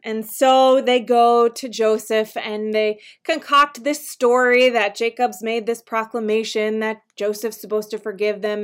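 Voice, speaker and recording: A woman pastor delivering a sermon in a gentle, conversational way, slowing down to stress key phrases. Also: mid-range voice. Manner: gentle, conversational preaching with slow emphatic pauses.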